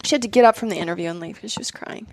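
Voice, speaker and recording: A woman's voice: medium pitch, very fast, no room sound. Chatty woman, dry close sound. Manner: animated storytelling with many fillers. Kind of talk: casual conversation.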